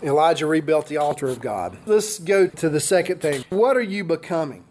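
An older male pastor delivers a sermon in a notably high voice. He builds his points through strings of repeated rhetorical questions, preaching straight to the congregation. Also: animated, normal speed, a little mellow, a little hiss or hum.

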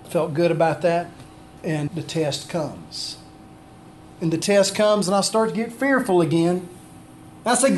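Male pastor, high tenor, sermon delivery with call-and-response, faint background noise. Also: a little slow, long pauses. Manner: preaching with call-and-response questions.

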